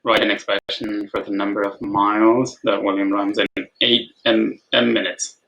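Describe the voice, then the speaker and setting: Bright-voiced male math tutor on a call. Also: fairly low pitch, level tone, moderate pace, vocal fry, low-quality recording. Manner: patient, repeats prompts, asks checking questions. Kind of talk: online tutoring session. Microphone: video call.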